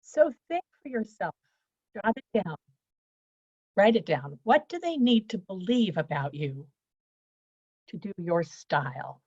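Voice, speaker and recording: A woman's voice: mid-range voice, very animated, measured pace, pauses often, a little mellow, slightly rough, no room sound. A woman in the middle of her range gives straightforward, practical advice on presenting, laying out each point in turn. She sounds dry and close, with no room around her voice. The audio is a little dull, like a computer mic on a video call. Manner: straightforward and practical, teaching in lists. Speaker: presentation skills coach. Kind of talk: speaking to an online event.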